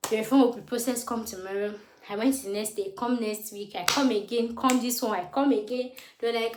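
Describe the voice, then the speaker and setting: A woman in her late twenties with a Nigerian English accent, retelling a story with animated, indignant emphasis and acted quotes. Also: on the high side, brisk, few pauses, echoey room, noisy background. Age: 20s. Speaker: vlogger. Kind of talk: storytelling to camera.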